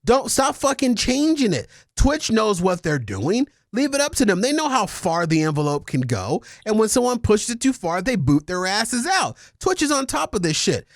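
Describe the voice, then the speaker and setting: A man's voice: sits high, big pitch swings, normal speed, hardly any pauses, no echo, clean studio sound. A man co-hosting a casual podcast, ranting emphatically and swearing often. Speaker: podcast co-host.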